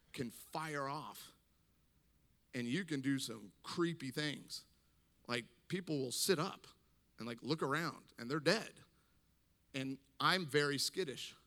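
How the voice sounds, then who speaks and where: A man speaking to a men's gathering, telling a funny story in an animated way, laughing and acting out voices. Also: fairly high pitch, in a large hall. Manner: animated, acts out quoted voices, laughs often. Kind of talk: humorous storytelling talk.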